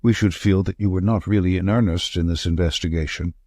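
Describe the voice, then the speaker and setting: A man's voice: sits low, steady tone, brisk, darkish tone, no echo, studio quality. A man voicing a grave, commanding male detective who speaks with emphasis. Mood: stern.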